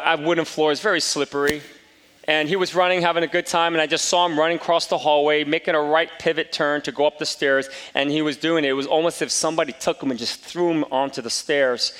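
A man's voice: a little high, fairly bright tone. Man preaching in a reverberant church. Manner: storytelling, rising to emphatic exhortation. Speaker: pastor. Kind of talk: sermon. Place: church sanctuary. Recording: long reverb of a church hall.

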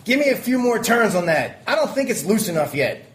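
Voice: medium pitch, big pitch swings, fairly quick, natural voice. A performer voicing a wisecracking, grimy male maintenance worker who teases and puts on mock charm. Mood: teasing. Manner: cocky, teasing, mock-charming. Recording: echoey room from a distance with faint noise.

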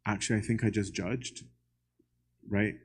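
A man's voice: fairly low pitch, fairly even intonation, a little slow, breathy edge. A man giving a church lecture in a conversational way, often asking the audience "right?" and putting questions straight to them.

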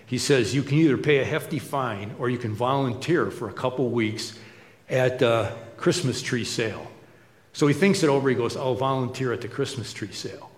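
A man's voice: medium pitch, normal speed. Pastor, middle-aged man, chatty sermon storyteller; roomy hall sound. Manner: conversational, storytelling with asides. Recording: echoey hall with long reverb.

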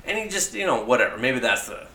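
A young man chatting casually and profanely, full of "like", acting out quoted lines as he pitches a story. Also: very animated, fast talker, sharp tone, a little hiss or hum. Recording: echoey room.

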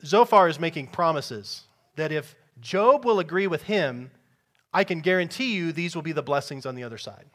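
A man's voice: on the high side, lively intonation, normal speed, fairly bright tone. A man preaching a sermon to his congregation in a conversational, emphatic way, with sarcastic asides. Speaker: pastor. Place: church before a congregation.

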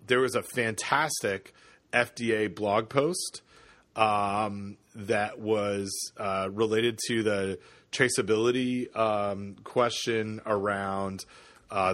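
Low-voiced man hosting a podcast. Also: fairly bright tone, dry recording. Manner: halting, many fillers and restarts, reading listener mail. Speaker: podcast co-host. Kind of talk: casual podcast chat.

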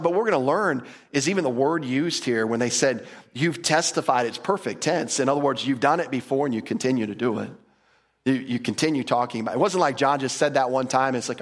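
A male pastor preaching a casual, humorous sermon, acting out little quotes as he goes. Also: medium pitch. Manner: conversational, humorous, acts out quotes.

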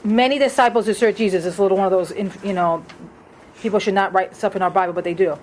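A woman's voice: mid-range voice, steady tone, fast talker, a little hiss or hum, poor audio. A woman leading a Bible study in a conversational way, asking the group questions as she reads through verses. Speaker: Bible teacher.

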